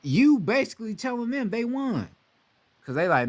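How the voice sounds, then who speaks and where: A young man talking in a casual monologue, profane and animated, often slipping into mocking voices of others. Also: very high-pitched, moderate pace.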